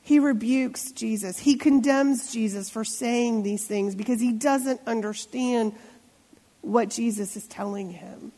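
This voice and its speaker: A middle-aged woman pastor preaching in a chatty, conversational way, turning to ask her listeners questions as she goes. Her voice sits a touch high for a woman and carries a long church reverb that trails after each phrase. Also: measured pace, dark tone. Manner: conversational, asks the congregation questions. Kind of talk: sermon. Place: church sanctuary.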